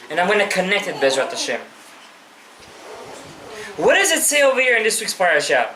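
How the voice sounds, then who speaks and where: Impassioned rabbi, bright lively voice. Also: male voice, sits high, fairly quick, pauses often, echoey room, poor audio. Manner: impassioned, addresses listeners directly, mixes in Hebrew terms. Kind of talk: live Torah class to an audience.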